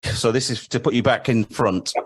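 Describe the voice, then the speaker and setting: A man co-hosting a podcast, putting lyrics quiz questions to a guest in brisk, good-humoured chat. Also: mid-range voice, a little hiss or hum. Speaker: podcast co-host running a quiz. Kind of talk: casual chat, reading out song lyrics.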